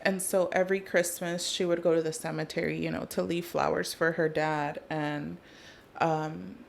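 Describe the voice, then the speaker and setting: A woman's voice: low voice, level tone, moderate pace, creaky. A young woman as a podcast guest, telling personal stories in an open, conversational way. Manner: open, storytelling, emotional at times. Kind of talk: casual chat.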